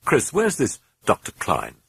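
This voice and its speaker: A man voicing an earnest, troubled priest who speaks in a measured way. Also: mid-range voice, wildly swooping pitch, vocal fry, breathy edge, no room sound, voice pushed up, full character voice.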